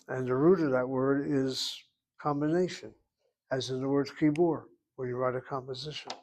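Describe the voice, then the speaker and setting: A man's voice: mid-range voice, fairly even intonation, a little slow, pauses often, a little mellow. A man teaching a Hebrew class, explaining vowels and grammar patiently and methodically, correcting students. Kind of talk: online class instruction.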